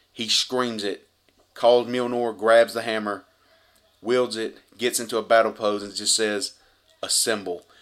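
Excited man gushing through a movie recap. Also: fairly low pitch. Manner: profane, effusive, rambling retelling. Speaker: movie reviewer.

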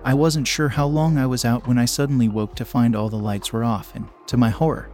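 A young man narrating a first-person story in a steady, plain reading. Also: medium pitch, brisk. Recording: faint background music.

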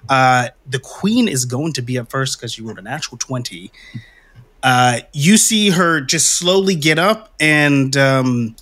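Bright-voiced man running a tabletop game. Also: medium pitch, measured pace. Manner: relaxed storytelling with frequent fillers and laughs. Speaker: game master.

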